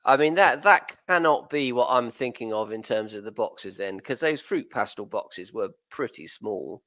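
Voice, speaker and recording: A man in a casual podcast chat, wry and teasing. His pitch swoops up and down a great deal, and his voice sounds dry and close to the mic. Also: animated, moderate pace, fairly bright tone, no echo. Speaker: podcast co-host.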